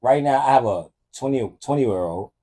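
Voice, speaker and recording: A man's voice: mid-range voice, lively intonation, normal speed, dark tone. A man chatting casually on a podcast, telling stories in a laid-back, joking way. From United States. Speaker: podcast guest. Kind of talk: casual chat.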